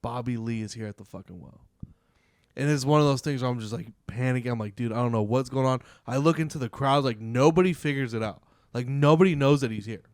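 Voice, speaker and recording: A man's voice: medium pitch, fast, no echo. Guy on a podcast rambling thru a wild story, cursing a lot, dry room. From California. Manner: excited, profane storytelling. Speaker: podcast co-host. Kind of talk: casual storytelling chat.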